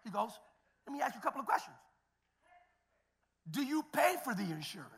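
A middle-aged male pastor preaching a sermon, moving between quiet, conversational storytelling with restarts and loud, shouted declarations. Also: extremely high pitch, very animated, fairly quick, vocal fry. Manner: repeats words and restarts, conversational asides.

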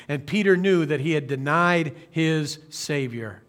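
High-voiced male pastor preaching earnestly. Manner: earnest preaching with slow emphatic phrasing and occasional restarts. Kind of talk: sermon. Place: church streaming service.

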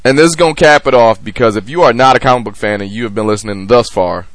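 A man's voice: medium pitch, quick pace, dry recording. A man hosting a podcast in casual chat, joking and rambling with frequent restarts. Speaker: podcast host.

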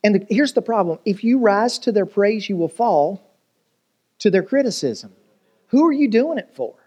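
A male pastor preaches in a lively, storytelling way. He jokes, asks the crowd rhetorical questions, and keeps his voice a little higher than most men's. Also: moderate pace, breathy edge, muffled recording. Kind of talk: sermon.

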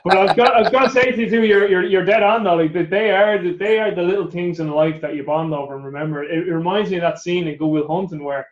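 A man's voice: high voice, fast talker, hardly any pauses, reverberant, dull audio. An Irish man hosting a podcast interview, chatty and casual, stammering into repeated words and swearing freely. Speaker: podcast host.

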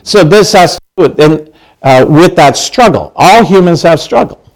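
A man's voice: on the high side, lively intonation, moderate pace, rough recording. A middle-aged male pastor preaching a conversational sermon, chatty, with many restarts and questions to the congregation.

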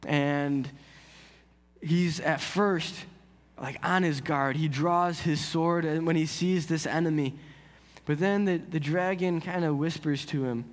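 A man's voice: fairly high pitch, fairly even intonation, takes it slowly, in a large hall. A man preaching a sermon in an earnest, conversational way, telling a story. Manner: earnest, conversational, builds intensity. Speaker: pastor.

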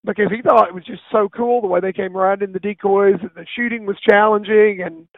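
A man hosting a casual hunting talk show, telling a hunting story in an animated way. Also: high voice, fairly quick, no room sound. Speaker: radio show host. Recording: phone-line, dry and tinny.

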